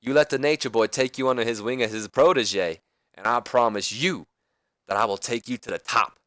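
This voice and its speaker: A man voicing a smooth-talking veteran male wrestling schemer with a showy, persuasive delivery. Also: medium pitch, brisk, fairly bright tone, no echo, studio quality, natural voice. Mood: coaxing.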